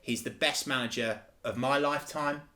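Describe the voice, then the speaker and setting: A man's voice: medium pitch, moderate pace, bright, forceful tone. A man co-hosting a football podcast, talking in an enthusiastic, emphatic way and often repeating himself. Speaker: podcast co-host. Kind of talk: casual football chat.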